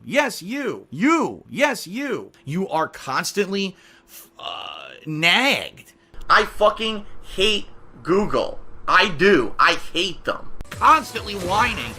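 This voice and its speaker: Guy streamer going off, high bright voice swinging all over, swearing a lot. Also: huge pitch swings, slow, husky. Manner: angry, profane ranting. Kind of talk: ranting live stream commentary.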